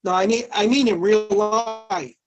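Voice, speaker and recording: A woman chatting casually, asking curious questions with halting restarts. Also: mid-range voice, highs cut off, soft background music. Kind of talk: casual chat.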